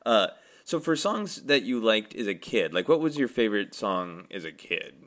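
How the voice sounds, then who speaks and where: A man's voice: on the low side, sing-song, normal speed, a bit bright. A man hosting a podcast, asking questions with a wry, joking manner. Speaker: podcast host. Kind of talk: casual interview chat.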